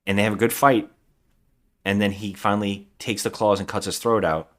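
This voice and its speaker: A man's voice: fairly low pitch, steady tone, brisk, a bit bright. A man co-hosting a podcast, casually recapping a movie plot in a rambling way, acting out quotes and swearing. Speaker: podcast co-host.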